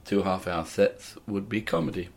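Older male comedian guest, lowish voice, rambling and anecdotal. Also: fairly even intonation, normal speed. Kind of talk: casual interview chat.

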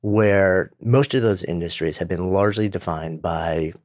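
A man's voice: sits low, moderate pace, darkish tone, dry recording, clean studio sound. A male podcast host talking in a reflective, rambling way, with fillers like "you know". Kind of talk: conversational interview.

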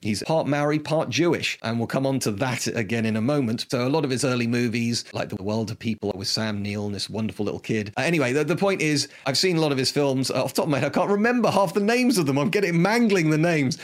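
A man's voice: mid-range voice, fast, hardly any pauses. A man talking casually and enthusiastically about films, rambling with frequent restarts. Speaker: film reviewer. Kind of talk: casual film talk.

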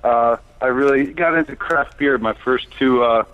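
A man's voice: medium pitch, normal speed. A man in his thirties, a brewer calling in as a guest, telling his story in a plain, easygoing way with many fillers. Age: 30s. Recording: tinny phone line.

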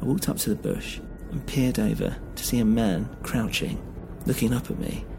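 A man's voice: mid-range voice, moderate pace, gravelly. A man telling a suspenseful first-person story in a tense, confiding way. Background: music.

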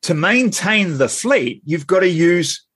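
NZ male co-host, husky, dry close sound, chatty and rambling. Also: high voice, lively intonation, slow pace, a bit bright, no room sound. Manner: rambling, self-interrupting, laughs often. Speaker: podcast co-host. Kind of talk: casual chat.

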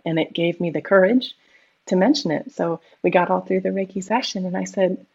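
A middle-aged woman tells a personal story with animated, expressive delivery. Her voice has a gravelly, fry-tinged edge. The audio sounds slightly dull and lo-fi. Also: lowish voice, fairly quick. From United States. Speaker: guest medium and Reiki practitioner. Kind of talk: casual storytelling conversation.

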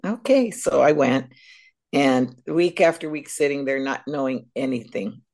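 A middle-aged woman, a guest speaker, sharing her personal faith testimony as an animated storyteller. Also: extremely low pitch, unhurried.

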